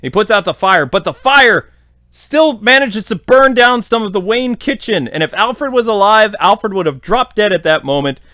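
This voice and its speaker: Podcast host, man, somewhat high voice, rambling casual recap, very dry sound. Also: expressive, moderate pace, sharp tone, no room sound. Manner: rambling, filler-heavy.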